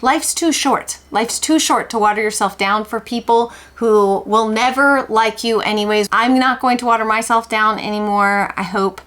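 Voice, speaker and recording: A woman's voice: a little high, moderate pace, few pauses, fairly bright tone. A woman, talking in a candid confessional vlog in an emphatic, outspoken and self-mocking way. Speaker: homeschool vlogger.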